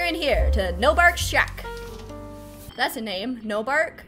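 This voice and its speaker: A woman's voice: a little high, lively intonation, takes it slowly, sharp tone. A woman hosting a game playthrough, playful and goofy in her commentary. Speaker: gaming video host. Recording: voice over game music.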